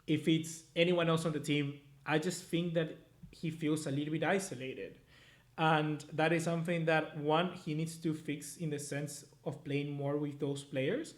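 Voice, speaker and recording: Man, twenties, live-stream football review host, rambling, casual, cursing, voice a bit high. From Latin America. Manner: casual, rambling, swears freely. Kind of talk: live-stream match review, reading viewer chats.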